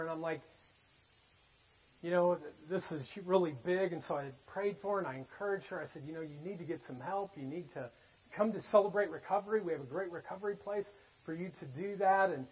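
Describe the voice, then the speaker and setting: A man preaching a sermon as a pastor, emphatic and repetitive, then dropping to a hushed tone to tell a story. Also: fairly high pitch, husky, muffled recording.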